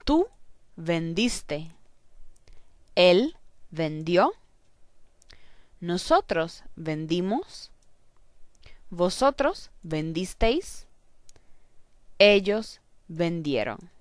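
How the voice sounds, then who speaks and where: A woman teacher giving a recorded grammar lesson, slowly and carefully saying each verb ending aloud. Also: lowish voice, dry recording. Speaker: Spanish teacher.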